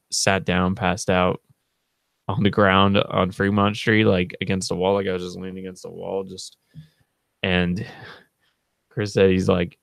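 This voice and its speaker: A man with a very low, gravelly voice tells a long, rambling story, casual and laid-back. The sound is close and dry, with no room echo. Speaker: channel co-host.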